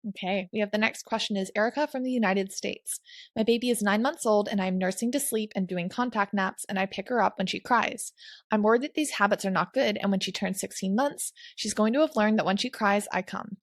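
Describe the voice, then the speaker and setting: A woman's voice: mid-range voice, a little fast, no room sound, clean studio sound. A young woman co-hosting a parenting podcast, asking questions and reading listener letters aloud. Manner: conversational, reads questions aloud.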